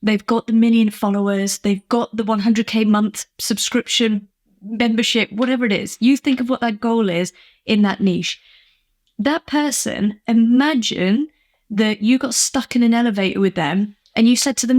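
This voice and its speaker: A woman's voice: on the high side, moderate pace, darkish tone. A woman business coach from England giving an earnest, emphatic motivational vlog talk, acting out little quoted exchanges.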